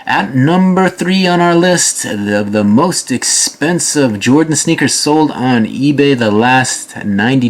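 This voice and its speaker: Laid-back man narrating a screen walkthrough. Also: medium pitch. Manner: relaxed, filler-heavy, chatty. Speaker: host. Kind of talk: casual screen-share commentary.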